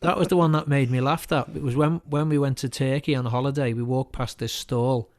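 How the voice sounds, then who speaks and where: A man's voice: medium pitch, fairly even intonation, brisk. A man with a Liverpool accent, a singer-songwriter chatting casually between songs and laughing as he tells stories.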